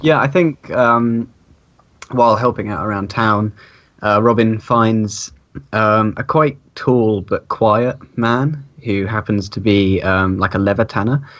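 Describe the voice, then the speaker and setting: A man's voice: on the low side, takes it slowly, fairly bright tone, dull audio. A man playing in a tabletop game, describing his character's actions hesitantly with many fillers. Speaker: player. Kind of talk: casual tabletop play.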